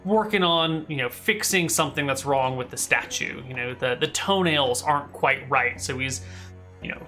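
Bright-voiced male game master. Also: medium pitch, moderate pace, soft background music. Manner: casual, describing scenes with many fillers. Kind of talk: narrating a tabletop game.

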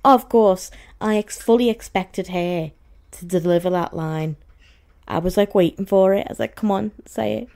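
Young woman, soft Scouse accent, casual rambling review chat, lowish mellow voice. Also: fairly even intonation, normal speed. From Merseyside, England. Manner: chatty, rambling, lots of fillers. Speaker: TV review vlogger.

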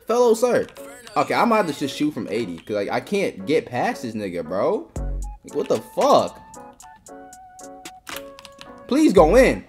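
Woman gamer host, cursing play-by-play, voice sits lowish but leaps all over, faint game music under it. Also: measured pace, long pauses. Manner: profane, excitable, swings from mutters to outbursts. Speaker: gaming channel host. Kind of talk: live gaming commentary.

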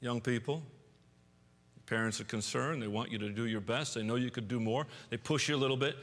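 A man preaching a sermon in a church, animated, acting out angry outbursts and often restarting his words. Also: medium pitch, normal speed. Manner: animated, acts out angry quotes with sudden loud outbursts; frequent restarts and repeated words. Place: church sanctuary. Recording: long church reverb.

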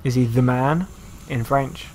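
This gameplay commentator talks in an unhurried, mid-range voice, casual and joking, often sarcastic and mocking himself. Background noise is noticeable.

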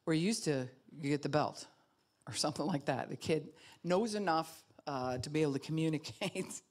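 A woman pastor preaching a sermon in an animated way, acting out other people's voices and laughing often. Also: low-pitched, moderate pace.

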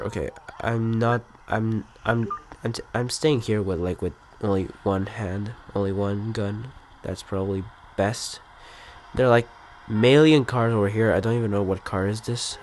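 A man hosting a gaming channel, giving casual, rambling commentary on a game in a profane, excitable way. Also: lowish voice.

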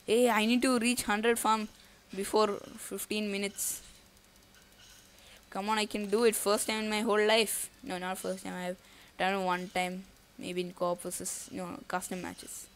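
A woman's voice: medium pitch, level tone, normal speed, a little hiss or hum. A woman giving casual live commentary on her own gameplay. She thinks aloud and breaks into nervous outbursts. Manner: casual slangy talk to viewers. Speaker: gaming YouTuber.

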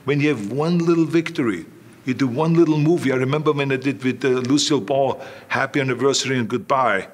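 An older Austrian man, a guest in an interview, tells anecdotes in a fast, mid-range voice. He repeats himself and acts out the voices of people he quotes.

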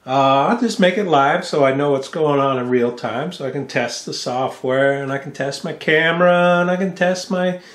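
An American man whose voice is on the high side talks at a normal speed with few pauses, the sound roomy. As a vlogger, he angrily rants in a profane home vlog, cursing and mocking someone into a studio mic with a mixing board.

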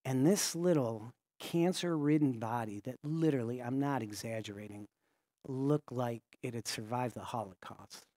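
A male pastor telling a story in a sermon in a conversational way, stopping and restarting his sentences and often dropping to a hushed voice. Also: medium pitch, normal speed, no room sound.

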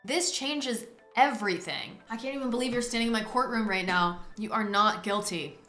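A woman streaming a courtroom game, playfully judging suspects with theatrical outbursts. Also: mid-range voice. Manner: theatrical, quick swings into loud exclamations. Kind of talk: playful gaming commentary. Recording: roomy echo with faint music.

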